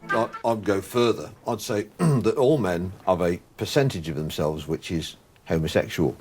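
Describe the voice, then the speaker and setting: A man's voice: low-pitched, normal speed, darkish tone, breathy edge, soft background music. An actor playing a blustering middle-aged Englishman in anger therapy, rambling and hesitant with crude asides. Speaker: anger management group member. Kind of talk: sitcom acting.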